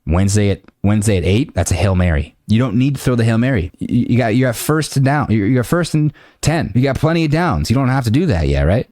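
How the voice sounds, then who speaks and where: Man, dating coach, blunt and emphatic, rapid delivery, fairly low voice, dry close sound. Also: a little mellow, dry recording. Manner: blunt, emphatic, repeats "right?". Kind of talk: casual coaching breakdown.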